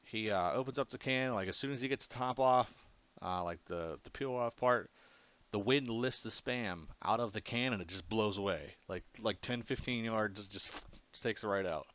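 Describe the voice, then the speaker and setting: A man from Pennsylvania tells a story in a loose, rambling way, stopping often for fillers. His voice sits very low. The audio sounds a little dull and muffled. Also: moderate pace, a bit bright, dry recording. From Pennsylvania, USA. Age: adult. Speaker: comic artist vlogger. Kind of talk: casual storytelling.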